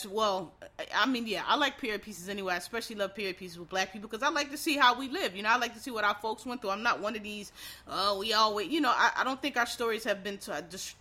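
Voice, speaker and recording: A casual vlogger reviews a show in a loose, unscripted monologue. The voice sounds crisp and bright. The talk is blunt and opinionated, full of fillers, restarts and swearing. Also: mid-range voice. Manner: frank, opinionated asides to viewers.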